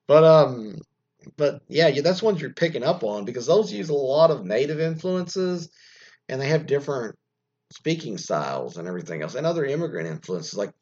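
In dull, lo-fi audio, a husky man of medium pitch hosts a radio show solo. He rambles loosely, drifts off track, and fills the talk with fillers and salty, mocking, profane asides.

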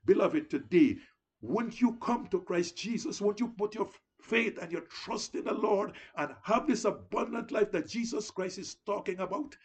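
A man's voice: high-pitched, moderate pace, husky. A man preaching a sermon in an earnest, exhorting manner, often calling his listeners "beloved" and rising into emphatic declarations.

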